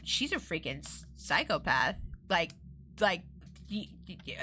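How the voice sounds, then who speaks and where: A woman's voice: lowish voice, very animated, unhurried, sharp tone, a little hiss or hum. A woman streamer reading a book aloud, breaking off into chatty, indignant asides. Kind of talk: casual read-aloud with reactions.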